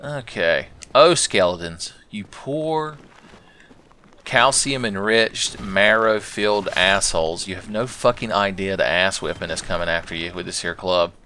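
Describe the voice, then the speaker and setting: Sarcastic, profane low-voiced gamer host. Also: male voice, normal speed, few pauses, sharp tone, slight background noise. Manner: rambling, sarcastic, swears a lot. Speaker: let's play host. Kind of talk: profane, joking gaming commentary.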